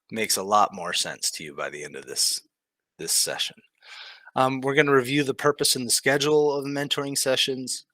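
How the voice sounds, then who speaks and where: Male trainer presenting online, bright and a bit low, easygoing and halting, dry recording. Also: no echo, rough recording. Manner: relaxed, many ums, slow and measured. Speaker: training team manager.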